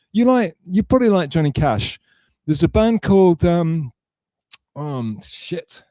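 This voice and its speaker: A man chats to his livestream viewers in a loose, rambling way, cursing casually and stopping to correct himself. His voice sits slightly high with a warm, mellow tone. The sound is dry, with almost no room echo. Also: very animated, a little slow. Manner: rambling, profane, self-correcting. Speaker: livestream host.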